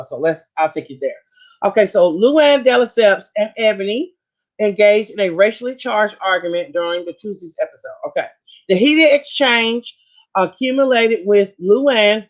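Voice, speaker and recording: A woman in her fifties talks through a recap in a loose, chatty vlog style. Her voice sits in the middle of the range, and she stumbles, restarts and fills pauses as she goes. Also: medium pitch. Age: 50s. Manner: chatty, recaps and reads aloud with fillers and restarts. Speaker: vlogger. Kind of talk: casual commentary.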